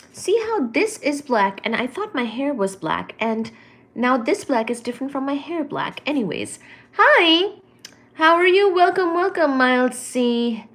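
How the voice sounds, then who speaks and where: A woman hosting a casual live stream, chatty and playful as she greets viewers and reads their comments aloud. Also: mid-range voice. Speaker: livestream host.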